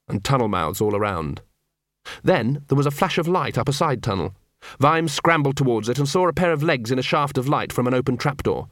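A man narrating a story in a steady storytelling manner, lightly voicing the dialogue. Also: mid-range voice, dry recording, clean studio sound. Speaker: audiobook narrator. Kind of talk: scripted narration.

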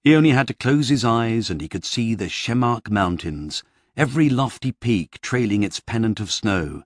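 A man narrating a comic fantasy novel in a wry, measured storytelling manner, recorded close on a studio mic. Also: medium pitch, expressive, no echo. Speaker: audiobook narrator. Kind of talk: expressive novel reading.

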